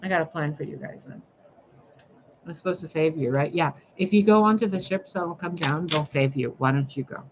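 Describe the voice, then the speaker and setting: A woman's voice: sits low, a little fast, slight background noise. Woman, spiritual livestreamer, blunt, sarcastic, profane scolding, slightly muffled audio. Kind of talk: ranting livestream monologue.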